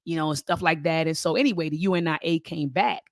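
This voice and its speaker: A middle-aged woman hosting a live-stream commentary show, talking to her viewers as family, lively and repeating her phrases. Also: deep voice, fast, no room sound. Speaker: host.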